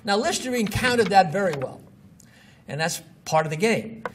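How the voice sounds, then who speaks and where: A man with a notably high voice gives a casual lecture with blunt, scoffing asides. He sits some distance from the mic, and a faint hiss runs under the recording. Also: expressive, normal speed, fairly bright tone. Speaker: marketing lecturer. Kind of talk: informal lecture with examples.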